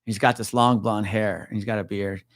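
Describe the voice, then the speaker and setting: A man in his forties, a retired police officer, telling a profane, animated story as a podcast guest. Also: lowish voice, a little fast, no echo. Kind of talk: casual storytelling chat.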